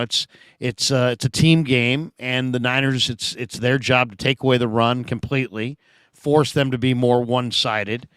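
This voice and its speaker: A man's voice: medium pitch, fairly bright tone, clean tone, no room sound, studio quality. A man hosting a casual sports talk show, chatting about football and reading out viewer comments with playful asides. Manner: chatty, reads out fan messages with playful asides.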